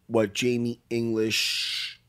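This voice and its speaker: A man hosting a casual fight-pick chat, swinging between mumbles and loud outbursts. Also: medium pitch, monotone, takes it slowly, smooth. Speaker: podcast host.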